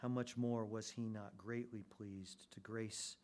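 A man preaching a sermon to his congregation, moving between hushed, slow emphasis and loud, fervent climaxes. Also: on the low side, flat delivery. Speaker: pastor.

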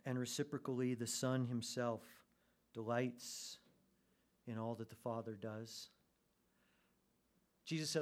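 A man preaching a sermon to his congregation, moving between hushed, slow emphasis and loud, fervent climaxes. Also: mid-range voice, fairly even intonation. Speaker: pastor.

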